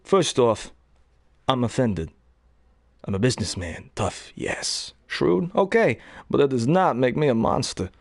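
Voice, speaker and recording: A cold, low-voiced businessman voiced by a man who talks in measured, halting beats with quiet menace. The voice is low, soft, and close. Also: sing-song, gravelly, no echo, exaggerated voice. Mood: menacing. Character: low, sinister middle-aged male businessman.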